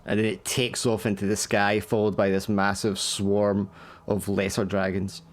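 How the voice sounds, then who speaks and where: Low-voiced man narrating as game master. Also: level tone, normal speed. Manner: vivid descriptive narration, teasing players.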